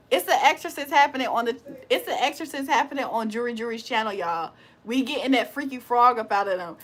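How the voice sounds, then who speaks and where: High-voiced woman hosting a rowdy livestream. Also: fast talker. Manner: playful, laughs often, swears freely, mock-preacher teasing. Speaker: livestream host. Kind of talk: casual live-stream chat, reading the chat aloud.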